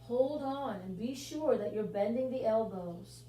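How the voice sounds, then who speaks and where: A woman with a fairly high voice leads a pilates workout, counting out kicks and stretches at an unhurried pace. She sounds a little far from the mic in a reverberant room, with a faint hum behind her. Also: animated, dark tone. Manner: counts out moves with rhythmic cues. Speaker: pilates instructor. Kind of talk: guided workout instruction.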